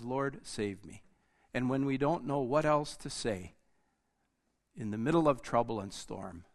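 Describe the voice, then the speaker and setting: Slow-preaching man. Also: medium pitch, creaky. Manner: slow, deliberate preaching that rises and drops to near-quiet. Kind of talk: sermon.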